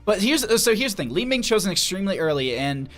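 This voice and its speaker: A young man casting an esports match on a livestream, chatty and quick to laugh, reading his chat aloud and stumbling over player names. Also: sits high, sing-song, fairly bright tone. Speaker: esports caster. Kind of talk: solo game commentary on a livestream.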